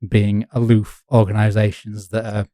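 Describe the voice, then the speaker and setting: Wry man, mellow voice. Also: lowish voice, level tone, moderate pace, no room sound. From north of England. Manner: wry, dry humour with frequent laughs. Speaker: podcast co-host. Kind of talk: casual history podcast chat.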